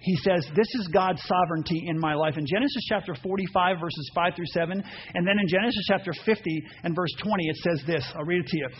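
A man preaching a sermon, animated, acting out voices and reading scripture aloud. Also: high-pitched, fast. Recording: dull muffled sound with faint noise.

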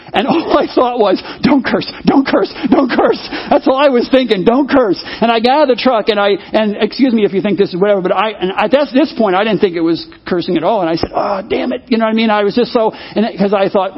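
Male pastor, high husky voice, lively storytelling sermon, muffled lo-fi recording. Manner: animated storytelling, acts out quoted voices. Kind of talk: sermon with personal stories.

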